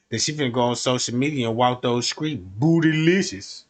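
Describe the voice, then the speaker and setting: A man streaming a comedic rant, telling profane, animated stories and acting out the scenes. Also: mid-range voice, fairly quick, hardly any pauses. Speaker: streamer commentator.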